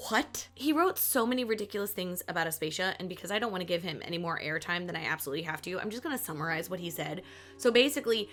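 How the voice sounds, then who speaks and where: A woman's voice: mid-range voice, sharp tone. A woman with a Southern US accent hosting a history podcast, narrating with sarcastic, playful jokes and asides.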